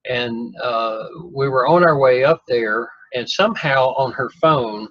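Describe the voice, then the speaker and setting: A man with a husky, slightly rough voice tells a rambling, folksy story full of self-deprecating jokes. The recording is dry and a bit dull, like a lo-fi conversation capture. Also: medium pitch, a little slow, no room sound. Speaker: guest telling his story. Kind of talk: casual storytelling.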